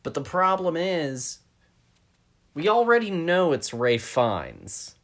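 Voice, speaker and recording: A man's voice: fairly high pitch, sing-song, slow pace, a bit bright. A man co-hosting a podcast, talking through a film in a casual, thoughtful way, hedging and restarting his sentences often. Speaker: podcast co-host.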